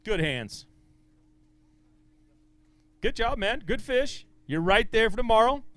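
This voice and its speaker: Upbeat high-voiced man announcing a weigh-in. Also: lively intonation, fairly bright tone, no room sound. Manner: upbeat, encouraging, quick banter with anglers. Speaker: tournament weigh-in emcee.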